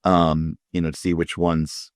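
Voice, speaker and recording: Casting: low-pitched male game master, loose and rambling, dry close sound. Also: little pitch movement, measured pace, no echo. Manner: rambling, many fillers and restarts. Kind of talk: casual tabletop game chat.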